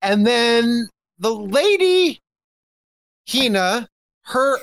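A man's voice: high-pitched, animated, a little slow, fairly bright tone. A man co-hosting a casual podcast about a film, joking and acting out characters' lines as he recaps scenes. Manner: jokey, acts out characters' lines while recapping. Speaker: podcast co-host.

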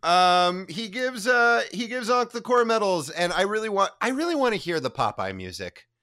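A man co-hosting a podcast, recapping a TV episode in an animated, jokey way and swearing freely. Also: high-pitched, moderate pace. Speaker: podcast co-host. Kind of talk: casual episode recap chat.

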